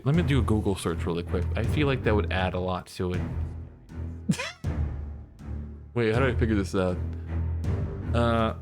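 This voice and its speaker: A man streaming a video game, chatting casually, thinking aloud and laughing often into a desk microphone. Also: medium pitch. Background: game music.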